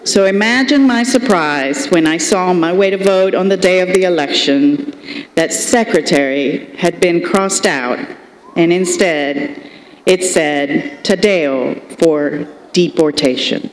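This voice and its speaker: A woman's voice: lowish voice, a little slow, slight background noise. Middle-aged Colombian-accented woman, commencement speaker, humorous storyteller, roomy venue sound with long reverb. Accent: Colombian Spanish. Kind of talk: commencement speech. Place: large ceremony hall. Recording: echoey hall with long reverb.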